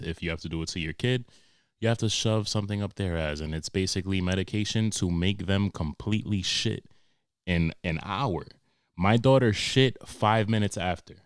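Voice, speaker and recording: A young man, hosting a podcast and telling comic stories in a profane, animated way with sarcastic asides. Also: low-pitched, clean tone, no echo, clean studio sound. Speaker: podcast host. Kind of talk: comedic monologue.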